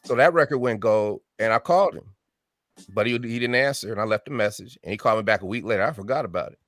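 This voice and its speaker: A man in his fifties with a lowish voice tells his story as an interview guest. He acts out the voices of the people he quotes and keeps tagging his sentences with "right?". The sound is close and dry, with no room echo. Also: quick pace, fairly bright tone. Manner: frequent tag question "right?". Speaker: music artist guest.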